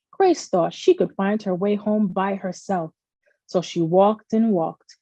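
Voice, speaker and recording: Woman reading a kids' story aloud, mellow tone, dull dry lo-fi recording. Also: medium pitch, dry recording. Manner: expressive storytelling. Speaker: children's storyteller. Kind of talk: read-aloud children's story narration.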